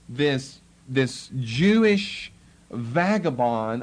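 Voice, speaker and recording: A man's voice: medium pitch, darkish tone. A man teaching a Bible lesson, explaining the text and acting out the tone of the people he quotes. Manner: explanatory, acts out the tone of quoted speakers.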